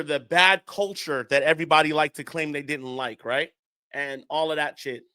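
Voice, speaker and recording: A man's voice: high voice, a bit bright, no room sound, studio quality. A young American man ranting in frustration to his viewers, rambling and addressing them directly as a fan channel host. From United States.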